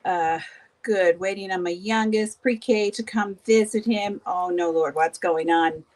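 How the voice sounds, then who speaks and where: A woman's voice: medium pitch, fairly even intonation, a little slow, slight background noise. A woman hosting a beauty livestream, chatting casually with viewers while doing her makeup, gossipy and often laughing.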